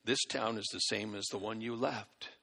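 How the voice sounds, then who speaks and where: A man voicing a calm, wise old man in a retold story, asking gentle questions, heard with a long hall reverb. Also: on the low side, normal speed, gravelly, breathy edge, pitched below the performer's own voice, heavily acted.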